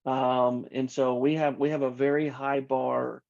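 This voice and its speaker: A man answering interview questions as a company executive, earnest and measured, often repeating his first words. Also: mid-range voice, level tone, vocal fry, a little mellow. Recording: dull lo-fi audio.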